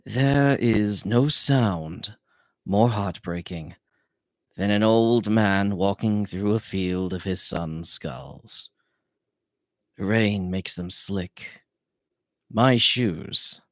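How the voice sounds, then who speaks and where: Man doing a slow grieving old wizard. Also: low voice, no echo. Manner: slow, measured and heavy. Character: grieving old male wizard, weary and mournful. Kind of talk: audiobook narration. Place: home.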